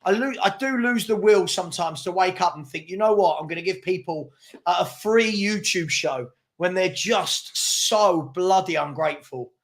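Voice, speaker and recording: A man's voice: high voice, normal speed, gravelly. A young man hosting a live football watchalong, calling the play and ranting at his chat. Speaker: watchalong host. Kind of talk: live match commentary and chat.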